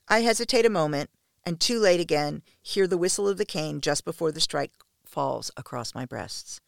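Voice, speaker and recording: A woman narrating an erotic story in the first person, in a steady, intimate storytelling manner. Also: low-pitched, moderate pace, gravelly, dry recording, studio quality.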